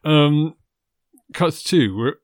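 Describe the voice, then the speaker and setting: A man co-hosting a comic chat, playful and halting as he sets up scenes. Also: fairly high pitch, animated, no echo, clean studio sound. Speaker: podcast co-host.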